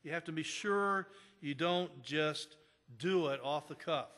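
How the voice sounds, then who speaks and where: The long reverb of a church hall surrounds a pastor preaching in the sanctuary, who tells stories in a chatty way and often starts over. His voice sits on the high side, a bit bright, and he takes his time.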